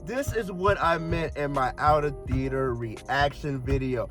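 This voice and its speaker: A man giving an excited, slangy spoken film review, rambling and breaking into laughs and shouts. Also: mid-range voice, measured pace, faint music behind. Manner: slangy, rambling, restarts mid-sentence. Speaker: anime reviewer.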